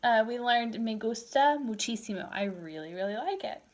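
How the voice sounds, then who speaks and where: Tired woman teaching in a relaxed, chatty way. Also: a little high, moderate pace. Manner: relaxed, chatty, mixes English and Spanish. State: tired, yawning. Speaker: Spanish teacher. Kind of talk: recorded lecture.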